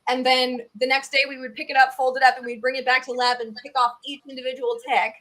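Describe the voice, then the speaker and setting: A woman with a Southern US accent, a tick researcher chatting as a guest in a casual video podcast, animated and full of quick asides. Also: sits high.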